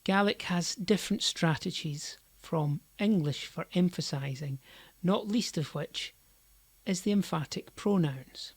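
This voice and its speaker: Slow, low-voiced woman teaching. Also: husky, no room sound. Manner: slow, deliberate explaining with stressed example sentences. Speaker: language teacher. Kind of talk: scripted language lesson.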